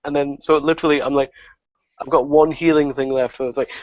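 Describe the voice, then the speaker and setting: A man, a guest on a gaming podcast, telling a story in a profane, excitable way and laughing often. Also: on the high side, brisk, no room sound. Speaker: guest gamer. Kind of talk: casual podcast chat. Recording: dull lo-fi podcast audio.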